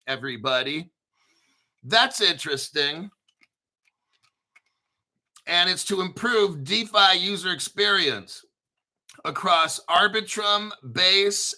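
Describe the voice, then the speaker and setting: An American man hosting a crypto channel, reading an article aloud and riffing on it in a rambling, profane, hyped-up way while clearing his throat. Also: sits high, pushed and bright. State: throat clearing, using a cough drop. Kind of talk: casual video commentary reading an article.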